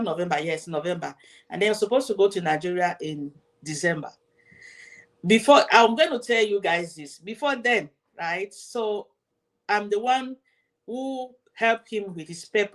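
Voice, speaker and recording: A woman hosting her own show, telling a personal story to her viewers in an emotional way, often repeating herself and speaking straight to her audience. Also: lowish voice. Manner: emotional, repetitive, addresses the audience directly. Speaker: host.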